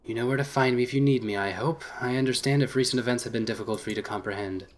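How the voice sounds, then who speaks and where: A man voicing a courteous, calm male gentleman in a visual novel game, speaking in a measured way. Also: mid-range voice, lightly acted.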